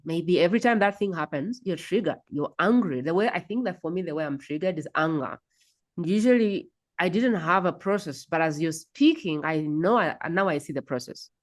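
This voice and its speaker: Thoughtful Ugandan woman, low voice. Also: animated, moderate pace. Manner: thoughtful, musing aloud, frequent hums of agreement. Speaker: podcast host. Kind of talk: reflective interview conversation.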